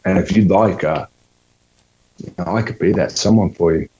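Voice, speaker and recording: Deep-voiced man, attempted Scottish accent, easygoing role of a recovering drinker offering support. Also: moderate pace, mellow, muffled recording, lightly acted. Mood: friendly. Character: friendly man at an alcoholics' meeting. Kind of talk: rehearsed scene reading.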